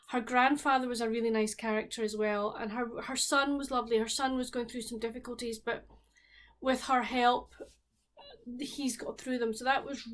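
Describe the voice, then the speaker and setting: A woman with a Highland Scottish accent chatting candidly to her viewers about books and baking. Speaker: book and baking vlogger. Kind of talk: casual book review and cooking chat.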